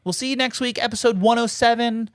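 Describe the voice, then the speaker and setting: A man's voice: very high voice, fairly even intonation, quick pace, no room sound, studio quality. A man co-hosting a podcast, rambling and joking through a casual episode outro. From American Midwest. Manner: rambling, laid-back, joking. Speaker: podcast co-host.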